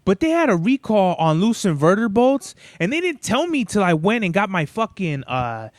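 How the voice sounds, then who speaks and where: A man's voice: high voice, big pitch swings, moderate pace, dry recording. A young man hosting a solo podcast, telling rambling stories in a laid-back, profanity-heavy way. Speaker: podcast host. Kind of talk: casual solo podcast monologue.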